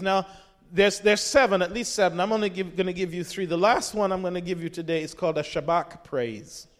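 High-voiced man preaching with fervent shouts. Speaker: pastor. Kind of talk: sermon.

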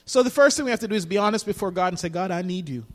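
A man's voice: high voice, lively intonation, racing. A man preaching a sermon as pastor, building emphasis with repeated phrases, recorded in a church sanctuary. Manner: preaching with rising emphasis and repetition. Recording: long hall reverb.

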